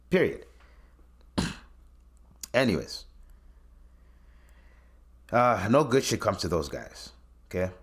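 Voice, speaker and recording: A man's voice: lowish voice, slow, long pauses. A man hosting a podcast, ranting in casual commentary, incredulous and swearing often. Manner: animated, swearing, incredulous rants. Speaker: podcast host.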